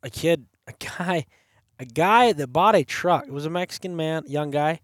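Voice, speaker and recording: A man with a fairly high speaking voice tells a hunting story in a relaxed podcast chat, slipping into the voices of the people he quotes. The sound is dry and close, with no room around him. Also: normal speed, no room sound. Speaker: podcast host. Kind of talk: casual storytelling. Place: campside.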